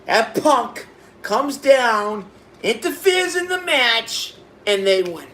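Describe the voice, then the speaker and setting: A man giving a casual video review of a wrestling show, excitable, repeating himself and bursting into exclamations. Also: very high voice, slow.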